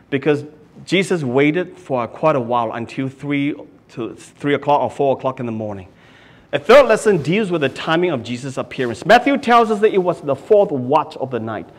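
A man preaching a sermon with passion, swinging from loud exclamations to hushed asides and often repeating words. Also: medium pitch. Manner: repeats words and restarts phrases. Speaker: pastor.

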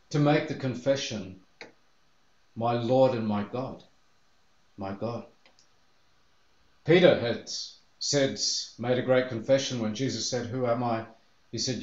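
A man's voice: mid-range voice, darkish tone, reverberant, highs cut off. A man preaching a sermon as pastor, earnest and telling the story with feeling. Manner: earnest, acts out the disciples' voices in quotes.

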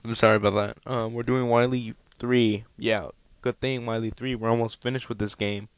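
A man's voice: medium pitch, little pitch movement, normal speed, clear, resonant tone, no room sound. A young man giving casual let's play commentary over a headset, rambling and self-deprecating, with frequent ums.

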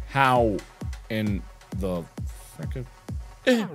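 A man giving let's play commentary with loud yelps, screams, goofy noises and crude joking outbursts. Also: high voice, huge pitch swings, drawn-out words, gravelly, faint music behind. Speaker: gaming video creator.

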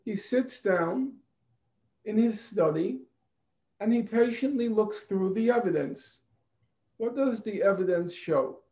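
A man giving a deliberate, emphatic conference talk over a video call, repeating phrases for stress. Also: sits high, animated, dark tone. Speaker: conference speaker. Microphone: computer mic on a video call. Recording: echoey, dull video-call audio.

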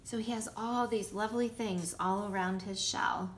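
A nursery school teacher, a woman, reading a picture book aloud to children with lively asides. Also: mid-range voice, normal speed, slight background noise. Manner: warm, lively storytelling with asides showing pictures.

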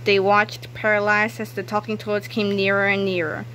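Lively storybook narrator, woman, bright tone, middle pitch. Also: normal speed, slight background noise. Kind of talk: children's book read-aloud.

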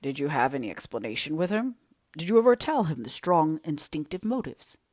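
A woman's voice: low voice, sing-song, fairly quick, a little mellow, no room sound, clean studio sound. A woman voicing a kindly elderly male family friend in an audiobook, speaking in a soothing, earnestly reassuring way. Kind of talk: audiobook character reading.

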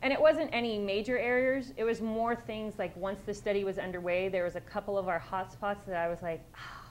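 A woman's voice: mid-range voice, steady tone, brisk, slight background noise, poor audio. A woman police sergeant giving a conversational conference presentation, direct and plain-spoken, with frequent restarts.

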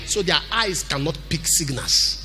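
A man preaches a sermon in a high, bright, forceful voice that swings widely in pitch. He bursts into shouts and slides into a sing-song cadence. Soft music plays faintly behind him. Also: big pitch swings, measured pace. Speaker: pastor.

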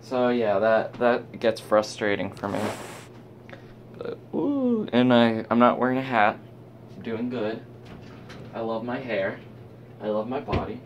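In this casual home vlog shot on a handheld phone, a young man drifts from one topic to the next and talks to himself. He speaks unhurriedly in a fairly low, fairly even voice over a slight hiss or hum.

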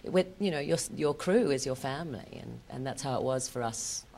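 Low-voiced chatty woman. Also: a little fast, gravelly, mellow, slight background noise. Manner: chatty storytelling, fond of self-deprecating asides. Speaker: actress interviewed as a guest. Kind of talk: casual interview chat.

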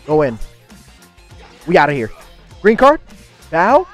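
A young man giving excitable gameplay commentary and trash-talking his opponent. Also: on the high side, slow, soft background music. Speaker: gaming YouTuber.

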